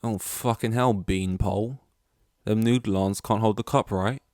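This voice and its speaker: Man putting on a rude old guy, blunt, mocking, lowish voice. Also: fairly even intonation, normal speed, darkish tone, no echo, clean studio sound, natural voice. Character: rude older man mocking a clumsy stranger.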